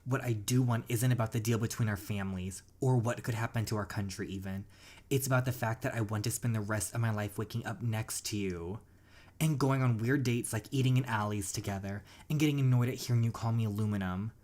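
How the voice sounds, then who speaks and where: A heartfelt young woman opens up to her husband in a romantic story game, as the gamer playing it reads her part aloud. The delivery is sincere and apologetic, at a middle pitch. It is plain reading, not a big put-on voice. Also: a little fast, darkish tone, natural voice.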